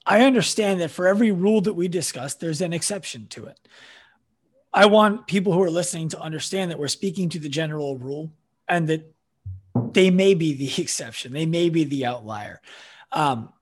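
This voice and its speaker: A man with a raspy voice, a chiropractor guest on an interview podcast, explaining his views earnestly with examples. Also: fairly high pitch, a little fast. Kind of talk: conversational interview answers.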